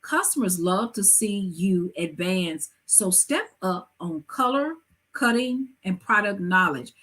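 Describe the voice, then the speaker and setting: A woman hosting a live talk show, giving hair-care advice in a lively, preachy way with emphatic asides. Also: mid-range voice, takes it slowly, husky. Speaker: host.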